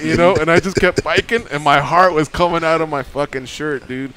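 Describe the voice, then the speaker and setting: A man's voice: a little high, brisk, smooth. A man co-hosting a radio show, telling a rambling story in casual chat, swearing and acting out what people said. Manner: animated, rambling, swearing, acts out quotes. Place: radio studio.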